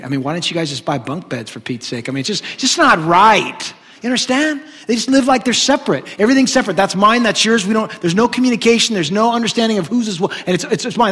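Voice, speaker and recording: A man preaching a sermon, an animated and joking storyteller. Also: high voice, husky. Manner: animated, joking storyteller who often laughs. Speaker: pastor. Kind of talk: sermon with humorous stories. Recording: long hall reverb.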